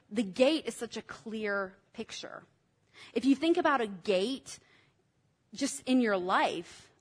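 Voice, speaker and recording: A woman preaching a sermon in an enthusiastic, teacherly way, drawing the congregation in to repeat words after her. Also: a little high. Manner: enthusiastic, teacherly, engages the audience.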